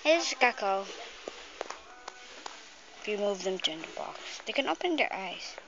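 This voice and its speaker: Speaking at normal speed with big pitch swings, a medium-pitched woman with a fairly bright tone coos playfully at her cat and kittens. It's a casual home video shot on a phone camera, with dull lo-fi sound and slight background noise.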